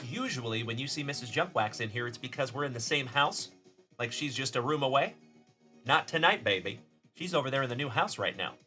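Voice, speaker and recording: A man's voice: medium pitch, bright, forceful tone. A middle-aged man from South Texas hosting a casual card-breaking livestream, chatty and upbeat, greeting viewers by name.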